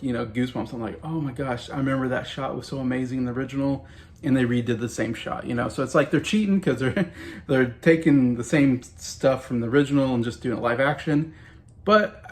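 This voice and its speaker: A man around forty giving a casual movie review, rambling and hedging with frequent restarts. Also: mid-range voice.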